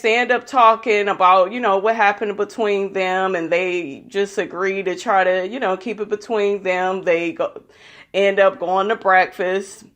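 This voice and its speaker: A woman chatting through a reality show recap in a loose, gossipy way. She is blunt and salty, and she swears freely as she sizes up everyone on screen. Her voice sits at an ordinary middle pitch for a woman. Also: a bit bright. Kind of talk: casual recap commentary.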